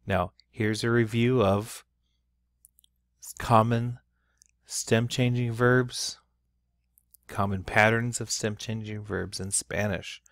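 A man's voice: on the low side, steady tone, takes it slowly, long pauses, fairly bright tone, no room sound, clean studio sound. A middle-aged man teaching a recorded online Spanish lesson, explaining patiently with repeats and restarts and stressing key sounds.

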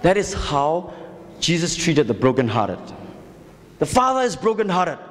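A man's voice: fairly high pitch, big pitch swings, a little slow. A man with a Burmese accent, a pastor preaching an impassioned sermon full of rhetorical questions and calls to the congregation. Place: church hall. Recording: reverberant church hall.

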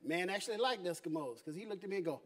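Male stand-up, high-pitched, animated storyteller, live stage mic. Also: fast, a little hiss or hum. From Southern US. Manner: animated storytelling, laughs at own jokes. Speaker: stand-up comedian. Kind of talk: stand-up comedy set. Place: comedy stage before a live audience.

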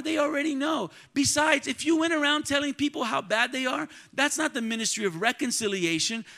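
A man preaching in a church with a high voice. He calls out to the congregation and swings from quiet, close talk to ringing shouts. His tone is bright and cutting. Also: creaky. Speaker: pastor. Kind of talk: sermon. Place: church sanctuary.

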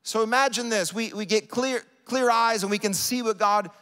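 Guy preaching in a big church, pushes up to shouting then goes hushed, long echo off the walls. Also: high-pitched, moderate pace. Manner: impassioned preaching, builds to shouts then drops soft. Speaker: pastor. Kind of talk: sermon. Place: large church sanctuary. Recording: live church hall reverb.

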